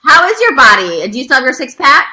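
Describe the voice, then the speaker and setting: A woman's voice: high voice, very animated, fast, bright, forceful tone, rough recording. A young adult woman chatting as a guest on a livestream, blunt and teasing with a bubbly manner. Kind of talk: casual livestream chat.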